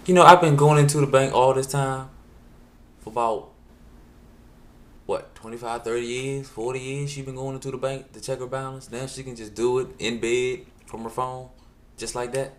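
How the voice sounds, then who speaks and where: A male comedian in the middle of his register tells a story. His delivery is animated and punchy, with exasperated asides that jump up in pitch. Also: normal speed, a little hiss or hum. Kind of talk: stand-up storytelling.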